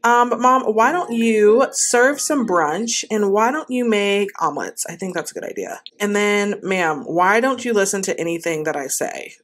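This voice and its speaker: Lively woman narrating her game. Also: mid-range voice, moderate pace, hardly any pauses. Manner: talks to her game characters, exasperated and playful. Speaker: gaming host. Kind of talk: casual gameplay commentary.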